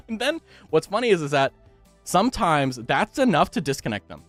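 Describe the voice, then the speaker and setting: A man's voice: fairly high pitch, very animated, normal speed, fairly bright tone, no room sound, soft background music. A male streamer chatting casually with viewers, swearing freely and laughing often.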